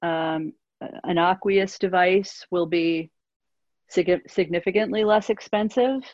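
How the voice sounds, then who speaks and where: A woman's voice: lowish voice, takes it slowly, a little mellow, no room sound. A woman answering audience questions in a webinar, hesitant, with many fillers and restarts. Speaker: industry analyst answering questions. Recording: dull lo-fi webinar audio.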